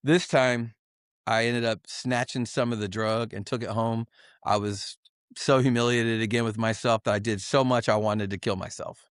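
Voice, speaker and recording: A man's voice: medium pitch, steady tone, moderate pace, smooth, no room sound, studio quality. A man guest on a podcast giving an emotional, earnest personal testimony, often restarting and repeating himself.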